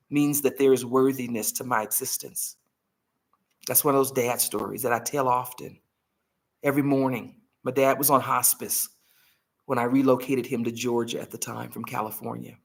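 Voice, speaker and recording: A woman's voice: a bass voice, husky. A woman hosting a live healing challenge, talking earnestly and telling heartfelt stories. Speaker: host. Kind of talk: live motivational healing talk.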